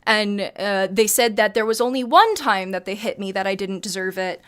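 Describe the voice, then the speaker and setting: A woman in her twenties rants to her stream chat in a medium-pitched, slightly bright voice at a moderate pace. She's heated and emphatic, and she swears often.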